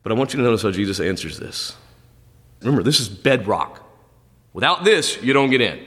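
A man preaches a sermon in a church, his voice leaping up and dropping low as he quotes scripture. He sits at an ordinary middle pitch. A long reverb from the large hall trails his words. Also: lively intonation, a little fast, long pauses, sharp tone. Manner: preaching with dramatic swings, quoting scripture. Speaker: pastor. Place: church sanctuary.

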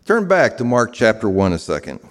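A man's voice: on the low side, wildly swooping pitch, fairly quick. A man from the American South preaching a sermon to a room of listeners, conversational and full of fillers and restarts. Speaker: pastor. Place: large room with a live audience. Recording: long reverb of a hall.

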